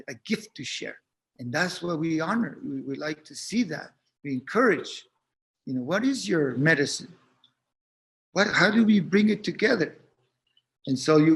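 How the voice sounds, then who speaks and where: High-voiced man, gentle and halting. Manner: gentle, halting, often repeats words. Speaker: spiritual teacher. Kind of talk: reflective spiritual talk.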